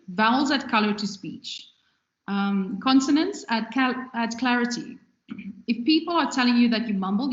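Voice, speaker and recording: A woman giving a conversational recorded lecture on radio production, talking with her hands as she goes. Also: fairly high pitch. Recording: echoey room, dull lo-fi sound.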